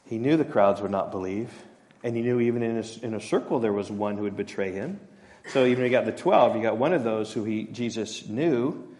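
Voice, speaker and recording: A middle-aged male pastor preaching an expository sermon in a relaxed, conversational way, with self-deprecating asides and acted-out quotes. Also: lowish voice, a little fast. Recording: long hall reverb.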